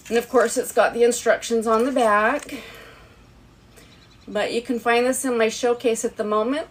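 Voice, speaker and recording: A woman's voice: fairly high pitch, a little hiss or hum, poor audio. A woman rambling through a casual live product showcase, with a stern, firm voice and a habit of asking "right?" after each point. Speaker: TikTok live seller. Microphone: phone livestream.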